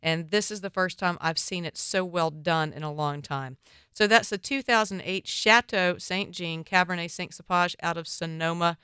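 A woman's voice: lowish voice, moderate pace, sharp tone, clean tone, dry recording. A woman giving casual, opinionated wine commentary with punchy asides, recorded on a close mic.

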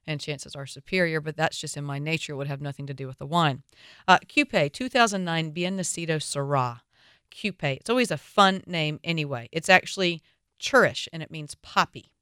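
A woman's voice: sits low, a little fast, pushed and bright, smooth, no echo, studio quality. A woman with a Southern US accent hosting a radio wine show, talking in a chatty, opinionated way with playful asides.

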